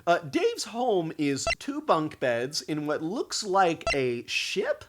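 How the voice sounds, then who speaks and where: A young man giving sarcastic comedic commentary on a cheap animated movie. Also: a little high, slow, noisy background. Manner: sarcastic, mocking. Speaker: youtuber reviewing a movie.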